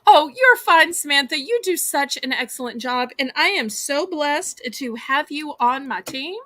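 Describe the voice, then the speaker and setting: A woman's voice: high-pitched, animated, unhurried, sharp tone, no room sound. A woman with a Southern US accent hosting a live home-shopping auction, chatty and sweet, calling the viewers y'all.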